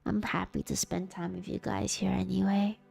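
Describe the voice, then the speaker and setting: A woman streamer at home, talking to her chat and narrating a story in a slow, steady voice. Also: medium pitch, gravelly, husky, faint music behind. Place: at home, sitting on the floor.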